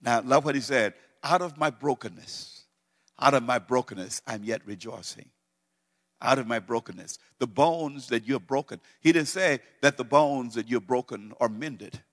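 A middle-aged male pastor preaching a sermon, swinging from loud, excited near-shouting down to low, quiet speech. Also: moderate pace, big-room sound.

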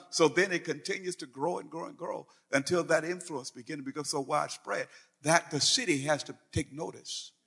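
A man's voice: fairly high pitch, a bit bright, husky, big-room sound. A man preaching a sermon as pastor, talking conversationally and often checking in with the congregation. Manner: conversational preaching, frequent "you follow?" check-ins.

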